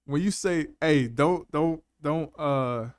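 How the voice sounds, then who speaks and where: A man's voice: a little high, slow pace, dry recording, clean studio sound. A man hosting a casual live panel chat, laughing often and talking in loose, slangy banter. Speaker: panel host.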